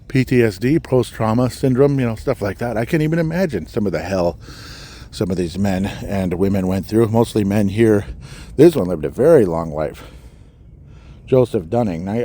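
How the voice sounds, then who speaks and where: A man hosting a podcast, walking outdoors through a cemetery and musing aloud with pauses, slightly out of breath. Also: lowish voice, warm tone, a little hiss or hum. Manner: musing, halting, reads out names and dates. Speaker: podcast host. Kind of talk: walking tour commentary.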